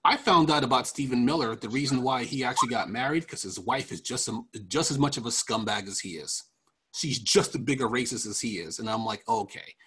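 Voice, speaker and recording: A husky, slightly breathy man from New York hosting a politics podcast. He jokes his way through the week's news, laughs often and wanders into side stories. His voice sits in an ordinary middle pitch. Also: fairly quick, fairly bright tone. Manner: joking, laughs often, rambling asides. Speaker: podcast host. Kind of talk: casual political commentary.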